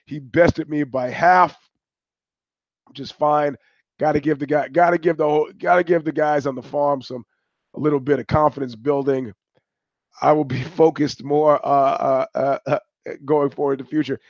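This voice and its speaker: A man's voice: a little high, unhurried, no room sound. An older man hosting a livestream, talking in a rambling, profane, digressive way. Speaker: host. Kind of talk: casual livestream monologue. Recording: dull, dry lo-fi stream audio.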